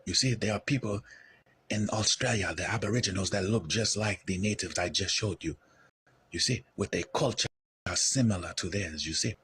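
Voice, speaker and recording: A man's voice: lowish voice, moderate pace, fairly bright tone, a little hiss or hum. A man from Ethiopia lecturing in an explanatory way, often repeating "you see". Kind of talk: lecture-style talk.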